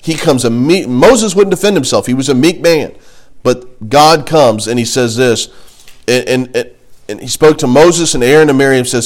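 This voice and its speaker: A man teaching a Bible class in a relaxed, conversational way, reading scripture aloud and breaking off with jokes and asides. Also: mid-range voice, normal speed.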